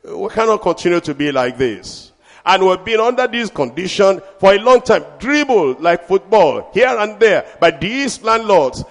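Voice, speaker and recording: A man preaching a sermon as pastor, swinging from shouted declarations to hushed asides. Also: high-pitched, very animated, moderate pace, in a large hall.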